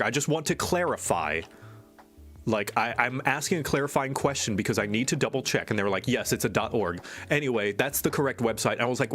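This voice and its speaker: A man's voice: mid-range voice, animated, a little fast, a bit bright, faint music behind. A man streaming live, in casual chat and ranting with exasperation. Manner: exasperated, venting rant. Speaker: streamer and animator.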